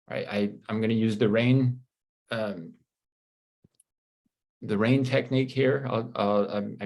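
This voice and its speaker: A man's voice: medium pitch, vocal fry, darkish tone. A man giving a live life-coaching session, talking in a reassuring, conversational way and often checking in with "right?". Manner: reads viewer comments aloud.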